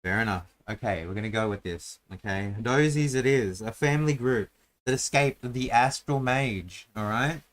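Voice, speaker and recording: A man's voice: medium pitch, moderate pace, fairly bright tone. A man hosting a casual chat, rambling with many fillers and restarts while he draws a map and rolls dice. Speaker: host drawing a dungeon map.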